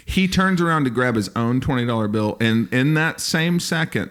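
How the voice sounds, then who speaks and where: A man's voice: medium pitch, fairly bright tone. A young man co-hosting a comedy podcast, rambling through stories and acting out quotes. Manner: rambling storyteller, acts out quotes with big swings. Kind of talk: casual comedic chat.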